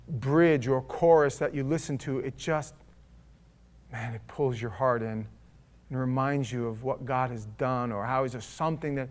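A man preaching a sermon as pastor, conversational and wry, swinging between loud bursts and hushed asides. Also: a little high, clean tone.

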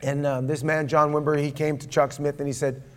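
A pastor leading a prayer and then preaching a sermon in church, in a conversational way that asks the congregation questions. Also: male voice, a little high, little pitch movement, brisk.

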